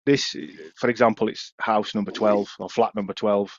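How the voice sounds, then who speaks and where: A man's voice: fairly low pitch, normal speed, dry recording, lo-fi sound. A young Yorkshire man, a podcast co-host, telling a casual story and swearing freely. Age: young adult. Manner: swears freely, lively anecdotes.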